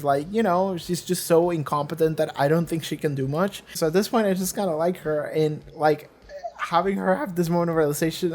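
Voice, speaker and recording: A reaction video host giving casual commentary on a TV episode, rambling and swearing freely, with frequent laughs. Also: medium pitch. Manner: rambling, profane, animated, laughs often.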